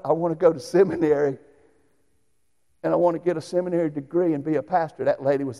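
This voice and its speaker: A middle-aged man, a pastor telling his own story in a sermon, folksy and given to shouted bursts. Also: a little high, steady tone, fast talker, vocal fry, big-room sound. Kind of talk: sermon testimony.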